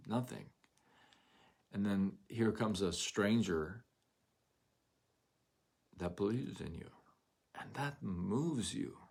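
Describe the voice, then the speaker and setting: A man's voice: lowish voice, gravelly, a little mellow, slightly rough. A man hosting a motivational live stream, speaking earnestly and getting emotional as he repeats his encouragement.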